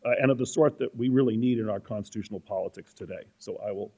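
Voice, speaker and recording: A man giving formal academic remarks as a panel respondent, measured and with frequent "uh" fillers. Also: fairly low pitch, a little mellow.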